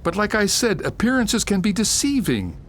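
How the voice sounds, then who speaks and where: A man's voice: high-pitched, very animated, moderate pace, a little hiss or hum. A man voicing a firm, insistent doctor on an oil rig who scolds a patient. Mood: stern. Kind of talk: game voice acting.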